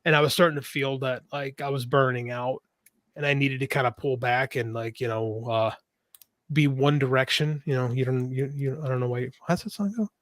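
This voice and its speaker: A man's voice: mid-range voice, flat delivery, normal speed, fairly bright tone, dry recording. A middle-aged man, an author and podcast co-host, talking frankly and at length in a casual interview, swearing freely and often restarting his sentences.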